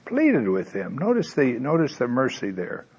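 A man's voice: medium pitch, moderate pace, slightly rough. A man preaching a conversational sermon, acting out the characters' lines as he goes. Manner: conversational, animated, acts out quoted voices.

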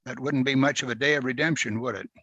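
A man's voice: medium pitch, fairly even intonation, quick pace, sharp tone, husky, no room sound, highs cut off. A man preaching a sermon in a conversational way, often asking rhetorical questions.

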